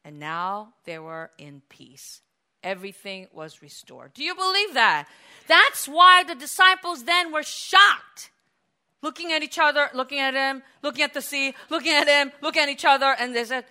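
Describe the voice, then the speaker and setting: A woman preaches a sermon in a high, bright voice. She tells the story with lively energy, acts out the voices in it, and now and then breaks into shouts. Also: normal speed.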